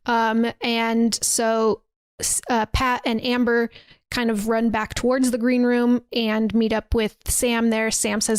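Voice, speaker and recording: A woman's voice: a little high, level tone, moderate pace, dry recording. A woman podcast host casually retelling a movie's scenes, acting out quoted lines with plenty of swearing. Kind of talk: casual chat.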